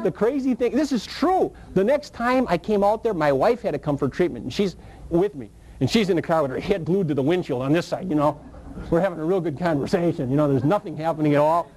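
A man preaching a sermon and telling his own testimony, with animated storytelling and sudden high, excited bursts. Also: a little fast, slight background noise, low-quality recording.

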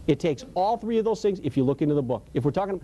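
A man's voice: on the high side, animated, fast, dark tone, a little hiss or hum. A man preaching a Bible study in a conversational, emphatic way, telling stories and laughing as he goes. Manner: storytelling, emphatic, colloquial, laughs often. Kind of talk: conversational sermon.

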